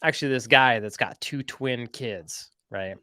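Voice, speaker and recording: A man at a middle pitch tells a long story on his podcast in a loose, rambling way, padding it with "like" and "right?". The sound is dry and close, with no room around it. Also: measured pace, pushed and bright, dry recording. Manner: chatty, rambling, lots of "like" and "right?". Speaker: podcast host. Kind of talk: casual storytelling.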